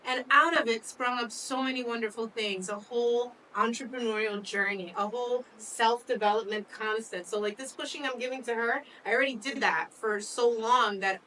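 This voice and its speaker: A woman's voice: on the high side, fairly even intonation, normal speed, hardly any pauses, bright, forceful tone, far from the mic, a little hiss or hum, low-quality recording. A woman co-hosting a talk show, chatting candidly and laughing often. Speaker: co-host. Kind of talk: casual chat.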